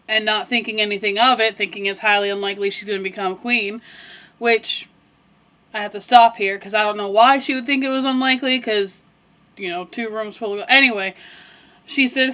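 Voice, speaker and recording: A woman retells a fairy tale in a loose, chatty way, stopping for asides and small laughs. Her voice sits a little high. She sounds like a teacher telling a story to young listeners. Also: a little slow, pauses often, a bit bright, poor audio. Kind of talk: casual storytelling with puppets.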